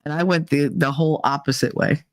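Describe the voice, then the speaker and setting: A woman's voice: low-pitched, brisk, no echo, studio quality. A woman, hosting a podcast and ranting in a casual storytelling way, laughing often and swearing. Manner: animated, laughs often, swears, acts out quoted voices. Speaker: podcast host.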